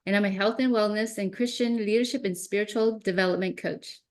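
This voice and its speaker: A woman's voice: mid-range voice, steady tone, brisk. A woman from California, a coach, introducing herself on a video call and listing her titles. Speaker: wellness and leadership coach.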